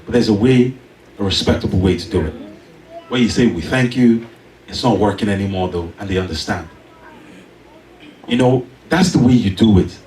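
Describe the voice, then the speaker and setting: A man's voice: lowish voice, moderate pace, pauses often, far from the mic. Preacher man in an echoey church. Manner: animated storytelling, rising to emphatic shouts. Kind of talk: sermon with personal story.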